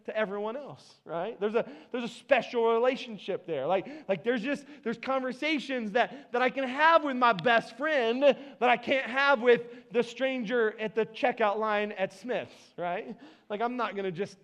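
A man's voice: very high-pitched, normal speed, fairly bright tone, dull audio. A male pastor preaching a conversational sermon in a church, often restarting and repeating words, speaking into a worn mic. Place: church sanctuary. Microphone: worn microphone.

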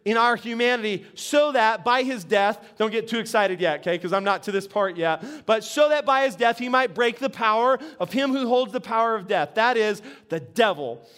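A man with a strikingly high voice preaches a Sunday sermon. He talks in a relaxed, conversational way and keeps asking the congregation questions. He sounds middle-aged. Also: normal speed, hardly any pauses, clear, resonant tone. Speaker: pastor.

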